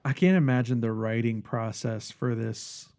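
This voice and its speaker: A man's voice: mid-range voice, moderate pace. Laid-back man in casual podcast chat. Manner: relaxed, swears casually, rambling. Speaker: podcast co-host. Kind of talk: casual chat about a horror film.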